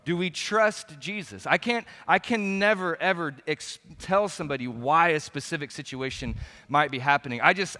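A man preaching a sermon with a bright, forceful voice. He is earnest and emphatic, often restarting phrases as he presses a point. His voice rings out with the long reverb of a hall. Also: mid-range voice. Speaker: pastor.

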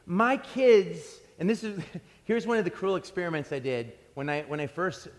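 A male pastor preaching in a slightly high voice. He tells stories in an animated way and keeps restarting his sentences. His voice rings out with a long reverb from a large church hall. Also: moderate pace. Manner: animated storytelling with frequent restarts. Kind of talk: sermon.

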